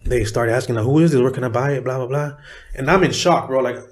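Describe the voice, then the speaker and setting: A middle-aged man from San Diego, a rapper guest telling a story in a profane, animated way, acting out the people he quotes. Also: medium pitch, fast, a little hiss or hum. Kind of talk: casual storytelling interview.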